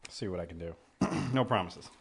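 A man co-hosting a podcast in relaxed, low-key casual chat. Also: normal speed, gravelly, husky. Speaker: podcast co-host.

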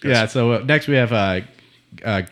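A man's voice: mid-range voice, normal speed, fairly bright tone. A man co-hosting a casual TV review chat, hesitant, with many fillers, stumbling over names. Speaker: podcast co-host.

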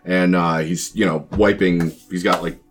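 A man with a low voice runs a tabletop game, describing scenes in a loose, rambling way full of fillers. Faint music plays behind him. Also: steady tone, a little slow, breathy edge. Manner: rambling, many fillers and restarts. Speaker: game master.

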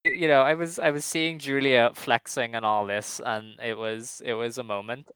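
Man, podcast co-host, giggly casual chat, middle pitch, dry sound. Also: normal speed, clear, resonant tone, dry recording, low-quality recording. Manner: giggly, animated, amused.

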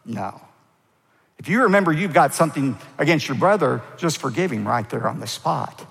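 A man preaching a sermon to his congregation, his voice carrying a gravelly edge. He leans hard on key words, lifting them high, then lets each phrase end sink low. A long reverb trails behind him in a large hall. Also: expressive, normal speed, a bit bright. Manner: emphatic preaching, rising for stress and dropping low at phrase ends. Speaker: pastor.

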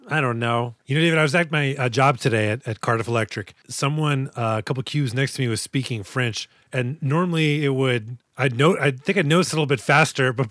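A man's voice: medium pitch, a bit bright, dry recording, studio quality. A man from the United States hosting a podcast about action movies, joking and rambling in casual chat. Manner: jokey, rambling with restarts. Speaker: podcast host.

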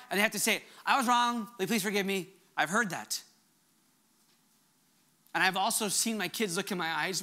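A middle-aged man delivers a sermon with earnest, emphatic conviction. His voice is bright and forward, and he often drops to a soft, hushed tone for effect. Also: high-pitched, moderate pace, long pauses. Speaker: pastor.

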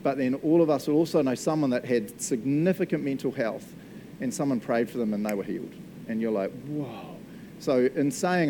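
A man preaches in a relaxed, conversational way, cracking small jokes and laughing at them. His voice sits in an ordinary middle pitch. A faint low rumble runs underneath the recording. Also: fairly quick. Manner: chatty, jokey, laughs often, asks the room "eh?". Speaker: pastor. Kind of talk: casual sermon.

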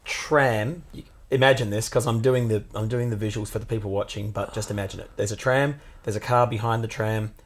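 A man who co-hosts a podcast, telling a story in casual chat and swearing now and then. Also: fairly quick. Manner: animated, jumps into high put-on voices for quotes, swears casually. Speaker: podcast co-host.

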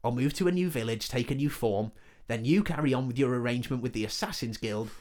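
A man voicing a foul-mouthed male demon cult leader who talks in a rough, swaggering way. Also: mid-range voice, fast talker, a little mellow, close to an everyday voice. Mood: scheming.

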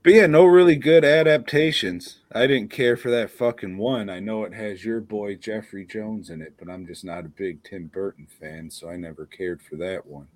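A man's voice: on the low side, fairly even intonation, normal speed, few pauses, a little mellow. A man co-hosting a horror podcast, talking casually with lots of swearing and laughter. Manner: profane, laughing, rambling. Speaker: podcast co-host. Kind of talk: casual chat.

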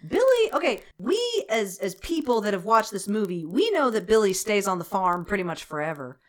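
A woman's voice: medium pitch, sing-song, brisk. A woman co-hosting a casual podcast, recapping a movie with profane, sarcastic humor and frequent laughter. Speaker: podcast co-host.

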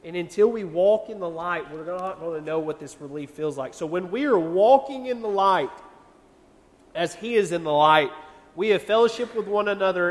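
A young man preaching to a youth group in a church, earnest and conversational, firing off rhetorical questions. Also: high voice. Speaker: youth pastor. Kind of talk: sermon. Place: church hall. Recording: long church-hall reverb.

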